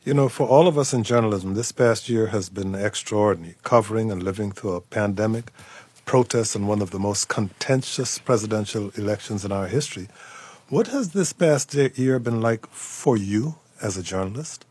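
A man hosting a radio interview, asking prepared questions in a measured way. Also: on the low side, darkish tone, slightly rough, no echo. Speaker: radio talk show host.

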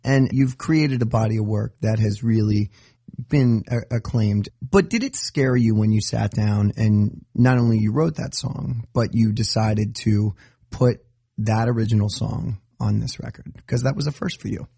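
A man hosting an interview, asking measured questions with some restarts. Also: fairly low pitch, vocal fry, dark tone, slightly rough, no room sound, clean studio sound. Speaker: radio host.

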